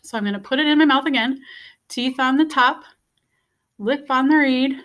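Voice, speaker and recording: A woman's voice: high voice, moderate pace, fairly bright tone. A woman teaching a beginner music lesson, patiently repeating each step and checking in with "okay?". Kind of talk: instructional video lesson.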